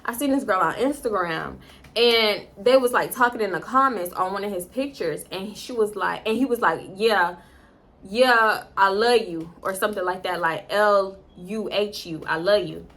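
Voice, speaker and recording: A young woman telling a storytime to camera in casual chat, animated and jumping into loud high-pitched quotes. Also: normal speed. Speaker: storytime vlogger.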